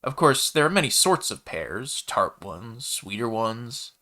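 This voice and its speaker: A man's voice: medium pitch, sing-song, unhurried, bright, forceful tone. A man voicing a chatty, easygoing male alien baker in a sci-fi story, with a laid-back, folksy manner. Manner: laid-back, folksy, calls the listener kid.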